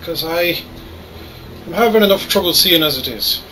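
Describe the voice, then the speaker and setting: Man, put-on Irish accent, bright forceful voice, jokey game commentary, slight hiss. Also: a little high, animated, normal speed, poor audio. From Canada. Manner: jokey, self-mocking. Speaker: gamer. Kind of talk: gameplay commentary.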